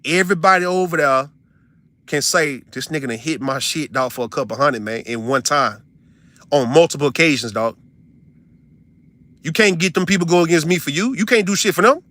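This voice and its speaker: Man ranting profanely, high bright voice. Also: brisk. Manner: profane, repetitive, incredulous, swings between loud and muttered. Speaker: livestreamer venting to his audience. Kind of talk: heated casual rant.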